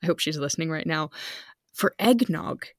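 A woman in her thirties co-hosting a podcast, talking chattily, with quick asides and bursts of speed. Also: sits low, expressive, dry recording, studio quality. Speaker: podcast co-host. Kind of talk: casual family chat.

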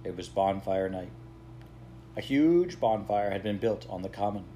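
Man reading an audiobook, lowish voice, steady and measured. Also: a little hiss or hum. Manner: measured, even storytelling. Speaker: narrator.

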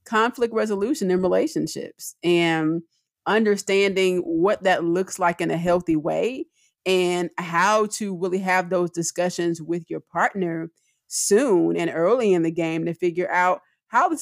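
A middle-aged woman co-hosting a podcast in casual conversation, expressive, with her voice rising when she gets excited. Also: on the low side, unhurried, dry recording, clean studio sound. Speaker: podcast co-host.

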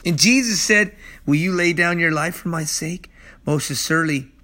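A man in his forties, a pastor preaching and praying in earnest, emphatic bursts that drop to soft prayer. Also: fairly high pitch, moderate pace. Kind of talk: sermon and closing prayer. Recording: loud guitar music behind.

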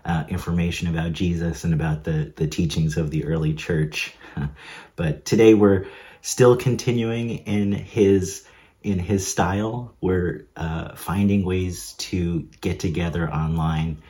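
A man's voice: low voice, steady tone, unhurried, dark tone. A man who is a preacher and seminarian, giving a casual online sermon from an upstairs bedroom at home, chatty with small chuckles and hesitant fillers.

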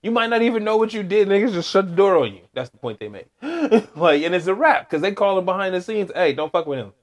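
High-voiced man ranting animatedly. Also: fast. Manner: animated, profane, emphatic ranting. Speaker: podcast co-host. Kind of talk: casual sports chat.

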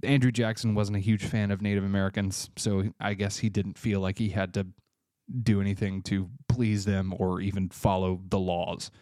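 A man's voice: low-pitched, flat delivery, normal speed, dark tone, dry recording, studio quality. A man from Tennessee, hosting a casual solo podcast with offhand, chatty asides, a bit congested. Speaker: podcast host.

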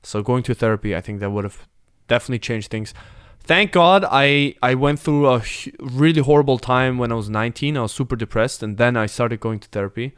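A man's voice: medium pitch, brisk, few pauses, smooth, no echo, clean studio sound. A man in his late twenties hosting a casual podcast, talking candidly and reflectively with some hesitation. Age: 20s. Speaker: podcast host. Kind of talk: casual chat.

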